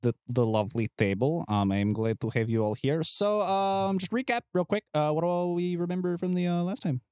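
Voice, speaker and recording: A woman's voice: on the low side, lively intonation, fairly quick, mellow, no room sound, clean studio sound. A woman running a tabletop game as game master, with playful, teasing narration. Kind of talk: narrating a tabletop role-play podcast.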